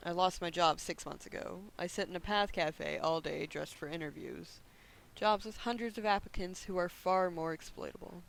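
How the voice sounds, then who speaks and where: A man reading the lines of a debt-ridden woman near forty, speaking in quiet, defeated confessions. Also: high-pitched, moderate pace, vocal fry, rough recording. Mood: ashamed.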